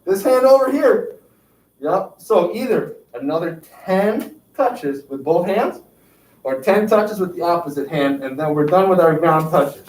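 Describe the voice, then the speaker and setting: A yoga instructor leads a class, counting reps in a slow, unhurried way and cheering the group on. The pitch swings widely. It is recorded from a distance in an echoey room, with faint noise behind. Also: animated, a little mellow. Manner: counting out reps, upbeat encouragement. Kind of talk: guided exercise class.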